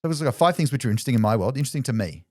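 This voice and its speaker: A man, a business coach guest on a podcast, telling a story in a loose, animated way with lots of fillers and restarts. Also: medium pitch, rapid-fire, no room sound, clean studio sound. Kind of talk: casual storytelling in conversation.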